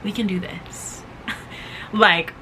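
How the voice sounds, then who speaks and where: A woman's voice: medium pitch, steady tone, slow, sharp tone, slight background noise, rough recording. A woman hosting a motivational podcast, talking casually and emphatically, repeating phrases to drive her point home. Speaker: podcast host.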